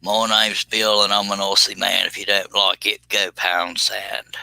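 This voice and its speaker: A man putting on a brash, rude Australian man in a slow, exaggerated mock drawl. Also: fairly low pitch, completely flat delivery, vocal fry, sharp tone, no room sound, full character voice. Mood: mock-tough.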